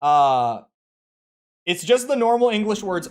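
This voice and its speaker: A man's voice: sits high, expressive, a little slow, clean tone. A man with a Minnesotan accent chatting casually while streaming a game, rambling with lots of "like" and fillers. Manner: rambling, filler-heavy, with frequent "like". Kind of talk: casual chat while playing.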